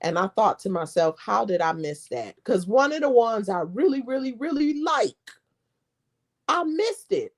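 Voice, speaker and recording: Woman vlogger just chatting, animated, laughs a lot, mimics folks. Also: on the high side, measured pace. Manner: animated storyteller who mimics people; laughs often. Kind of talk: casual chat.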